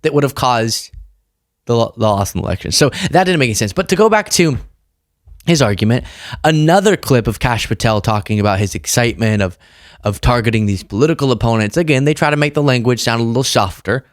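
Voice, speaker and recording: A man's voice: medium pitch, animated, fast talker, no room sound, clean studio sound. Sarcastic man hosting a political commentary. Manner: sarcastic, mocking impressions. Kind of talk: casual commentary.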